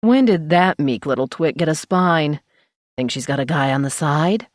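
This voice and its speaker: A woman voicing a husky, bawdy middle-aged woman who runs a funeral home, drawling and teasing in an audiobook. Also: deep voice, lively intonation, moderate pace, no echo, clean studio sound. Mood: sly teasing. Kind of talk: audiobook character voice.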